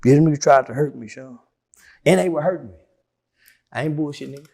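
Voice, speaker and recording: Gravelly high-voiced profane man. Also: fairly quick. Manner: profane, swings from low mutters to shouting. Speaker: interview guest. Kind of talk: heated storytelling interview.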